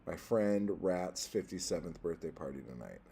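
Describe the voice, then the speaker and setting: A man's voice: deep voice, animated, normal speed, gravelly, mellow, a little hiss or hum. A man hosting a casual livestream, reading chat and rambling, profane and easily worked up.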